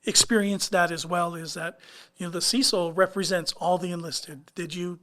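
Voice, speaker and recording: A man's voice: sits high, fairly even intonation, normal speed, a bit bright. A man co-hosting a casual talk show, chatty and given to trailing restarts. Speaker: co-host. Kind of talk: casual podcast chat.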